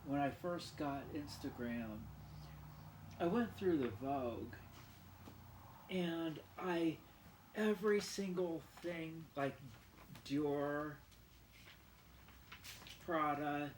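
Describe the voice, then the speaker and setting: A man talks at an unhurried pace in a loose, playful vlog ramble, poking fun at himself. His voice sits a little high for a man. The room rings around him, and there is steady background noise. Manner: rambling, playful, self-mocking, repeats words aloud to practise them. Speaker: vlogger. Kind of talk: casual vlog chat. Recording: roomy sound with clear background noise.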